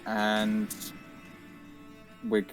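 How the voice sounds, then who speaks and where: Low-voiced man playing a tabletop game. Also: completely flat delivery, extremely slow. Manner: hesitant, full of ums and likes. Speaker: player. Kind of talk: describing actions in a tabletop game. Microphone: online voice call. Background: background music.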